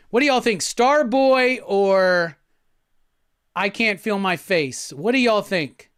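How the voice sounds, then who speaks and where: A man's voice: high voice, expressive, slow, fairly bright tone, clear, resonant tone, no echo, studio quality. A man hosting a live stream, chatting casually, joking, swearing and reading viewer comments aloud. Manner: loose and joking, swears, laughs, reads chat aloud.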